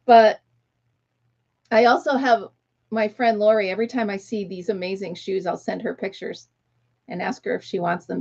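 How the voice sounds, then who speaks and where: A woman's voice: medium pitch, vocal fry, a little mellow, lo-fi sound. Chatty middle-aged woman hosting a stream. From United States. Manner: chatty, laughs often, greets viewers by name. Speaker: livestream host. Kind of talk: casual chat.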